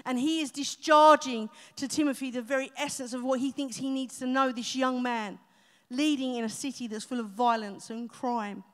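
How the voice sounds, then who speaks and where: A woman pastor, preaching a live sermon with emphasis and humorous asides. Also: fairly high pitch. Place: church auditorium, live congregation. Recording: reverberant live church hall.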